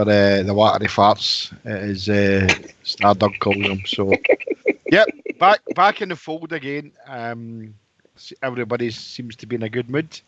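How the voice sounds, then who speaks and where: A man's voice: lowish voice, no room sound. A man calling in to a fan radio phone-in, chatty and jokey with lots of fillers. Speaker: caller. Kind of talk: casual phone-in chat. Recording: dull lo-fi phone audio, dry.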